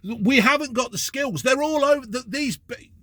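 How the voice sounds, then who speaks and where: A man's voice: very high voice, moderate pace, pushed and bright, dry recording. A man vlogging from a parked car, ranting bluntly and swearing heavily about the topic. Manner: blunt, heavy swearing, exasperated. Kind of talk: ranting to camera.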